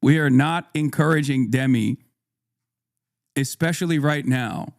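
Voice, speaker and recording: A man's voice: mid-range voice, unhurried, vocal fry, no room sound, studio quality. A man streaming live and talking casually to his chat, profane and conversational, reading viewer comments aloud and arguing back. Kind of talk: casual livestream talk to chat.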